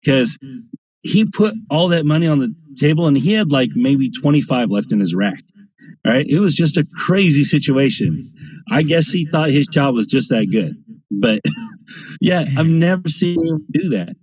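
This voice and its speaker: A man's voice: on the high side, animated, measured pace, a little mellow. Guy telling craps stories on a stream, keeps saying right?, kinda muffled lo-fi audio. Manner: rambling anecdotes, keeps asking "right?". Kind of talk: casual storytelling on a live stream.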